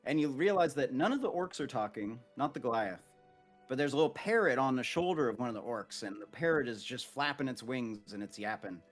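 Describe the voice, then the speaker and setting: A man's voice: medium pitch, expressive, a little fast, faint music behind. A man narrating a tabletop game as game master, rambling casually with lots of fillers.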